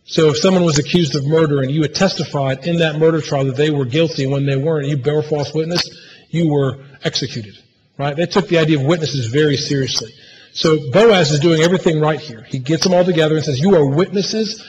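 In a church sanctuary, a pastor with a slightly high, darkish voice delivers a brisk, conversational sermon. He keeps restarting phrases and checking in with "right?" Church hall reverb and faint room noise fill the recording.

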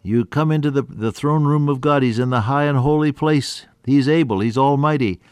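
A man preaching an earnest sermon, quoting scripture in old-fashioned wording and rising, then dropping to a hushed voice. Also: mid-range voice, moderate pace, clean tone, dry recording. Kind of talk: radio sermon.

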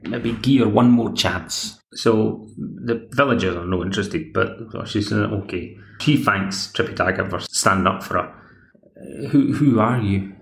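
Gravelly Scottish man chatting. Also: on the low side, moderate pace, few pauses, a bit bright, echoey room. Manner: chatty, rambling, plays the characters' lines himself. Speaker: podcast host. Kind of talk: casual episode recap.

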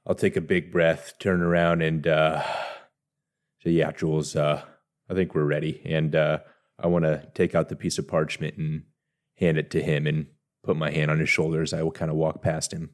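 A man playing a tabletop game, softly and hesitantly describing what his character does. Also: very deep voice, monotone, moderate pace. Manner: soft, hesitant, full of "uh" and "kinda". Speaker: player.

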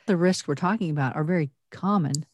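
A woman co-hosting a podcast, talking earnestly and reflectively with animated emphasis. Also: sits low, a little fast, no echo, dull audio. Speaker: podcast co-host. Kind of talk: conversational podcast talk.

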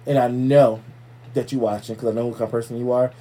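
Male podcast host, warm dark tone, loose and profane casual banter. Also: medium pitch, fairly even intonation, fast talker. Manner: loose, profane, playful shout-outs. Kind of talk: casual chat.

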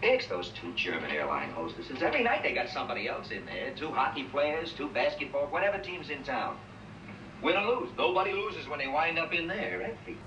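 A man's voice: a little high, very animated, fairly quick, muffled recording. A ranting frazzled city man. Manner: ranting, complaining, yelling. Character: frazzled middle-aged New York man cracking up. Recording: roomy distant film audio with faint noise.

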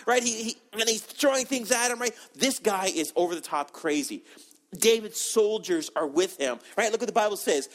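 A man preaching a sermon, animated and conversational, acting out the people in the story and often repeating words as he goes. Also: high-pitched, normal speed. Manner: animated, acts out quoted voices, repeats words.

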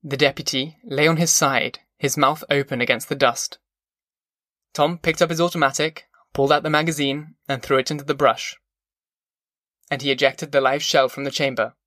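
A man narrates an audiobook in a measured, even storytelling manner. His medium-pitched voice comes through a dry, clean studio recording.

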